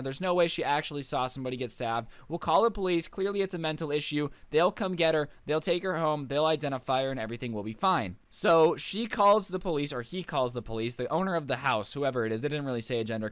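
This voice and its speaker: A man's voice: on the high side, a bit bright, clear, resonant tone, no echo. A young man casually telling a true-crime story, rambling and jokey with wry asides. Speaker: YouTube storyteller.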